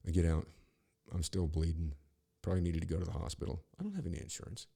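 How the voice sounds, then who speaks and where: Gravelly deep-voiced man telling stories. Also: fast, dark tone. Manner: profane, rambling, with frequent restarts. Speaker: podcast host. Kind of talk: casual storytelling monologue.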